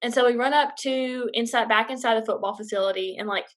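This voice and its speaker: A woman's voice: fairly high pitch, fast talker. A young woman vlogger casually telling a personal story, chatty and full of fillers. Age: young adult.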